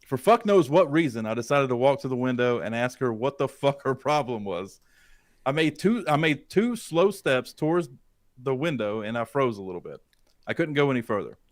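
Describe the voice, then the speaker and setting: Man, podcast co-host, suspenseful spooky story, profane, asks the listeners questions, mid-pitched voice, dead dry room. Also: very animated, normal speed, dry recording. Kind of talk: dramatic retelling of a creepy first-person story. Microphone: studio dynamic mic.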